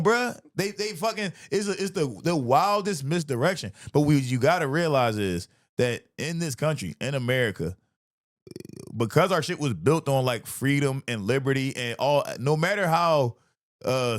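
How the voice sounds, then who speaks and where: A man, a comedian hosting a podcast, in a profane, animated comedic rant, laughing often. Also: medium pitch, moderate pace.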